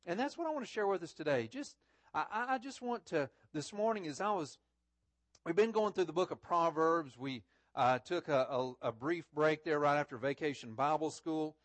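A man preaching a Sunday sermon in church, often repeating words and rising to loud, stressed phrases. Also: a little high, animated, normal speed, no echo. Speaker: pastor. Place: church sanctuary.

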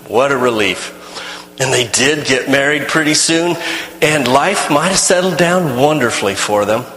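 A man's voice: high voice, expressive, moderate pace, pushed and bright, echoey room, long reverb tail, low-quality recording. A man telling a first-person story in character, rambling and folksy, with many restarts.

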